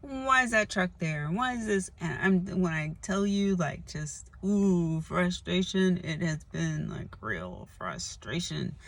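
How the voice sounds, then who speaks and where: A woman's voice: on the low side, sing-song, takes it slowly, vocal fry, hardly any pauses, no room sound. A woman vlogger talking casually and earnestly to camera, rambling with lots of "like" and "you know.". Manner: earnest, confessional. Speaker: spiritual vlogger. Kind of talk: casual spoken monologue.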